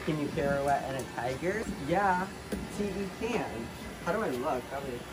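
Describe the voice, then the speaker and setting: A man filming a playful challenge vlog, excitable and self-mocking, swearing often. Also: a little high, normal speed, over music. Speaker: vlogger. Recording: noisy home recording.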